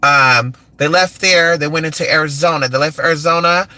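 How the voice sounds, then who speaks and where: Sharp-toned, slightly high and fairly quick, a sassy, flamboyant Californian runs a casual live-stream chat from a phone or computer mic. He calls his listeners honey and keeps cheering the chat on with repeated "come on."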